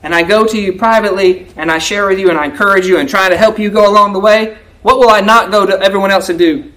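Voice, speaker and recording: This fast-talking preacher has a medium-pitched voice with a steady, bright, forceful tone. His sermon is conversational and folksy, full of "right?" to check in with listeners, and he voices quoted prayers and remarks in a raised voice.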